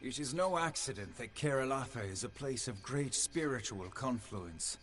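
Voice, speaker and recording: A man's voice: mid-range voice, animated, normal speed, fairly bright tone, lightly acted. A man voicing an ancient, stately fae keeper. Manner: formal, stately. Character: ancient male fae keeper, formal and wary. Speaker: quest giver. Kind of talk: game dialogue.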